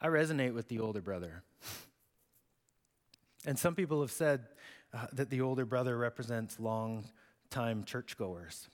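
A man preaching a sermon in an expressive, conversational way. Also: medium pitch, measured pace, pauses often. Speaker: pastor. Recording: echoey hall.

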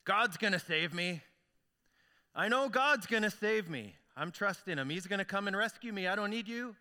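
A man's voice: high-pitched, expressive, moderate pace, pushed and bright, in a large hall, exaggerated voice. A man voicing a stubborn man who keeps refusing rescue, insistent and dismissive.

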